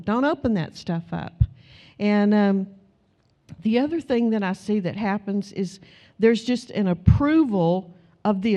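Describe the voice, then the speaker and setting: Animated, chatty woman preacher. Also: mid-range voice. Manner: conversational, animated storytelling, many "you know"s. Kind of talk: sermon.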